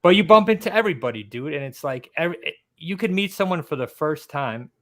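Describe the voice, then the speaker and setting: A man in a casual podcast chat, giving animated advice and peppering it with "dude" and "man". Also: on the high side, fast.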